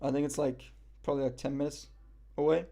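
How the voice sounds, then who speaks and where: Young Moroccan streamer, man, slightly high voice, loose self-deprecating banter. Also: flat delivery, fast, creaky, warm tone. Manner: joking, self-mocking banter. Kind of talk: casual live-stream chat.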